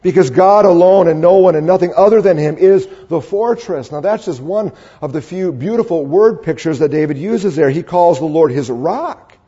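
Male pastor, measured sermon delivery, husky mellow timbre, dull lo-fi recording. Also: fairly high pitch, expressive. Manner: earnest, measured preaching with emphatic stresses.

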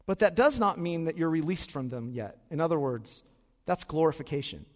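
A man's voice: animated, moderate pace. Man preaching in a reverberant hall. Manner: preaching, swelling to loud emphatic peaks then dropping low and quiet. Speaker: pastor. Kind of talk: sermon. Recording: long reverb of a large hall.

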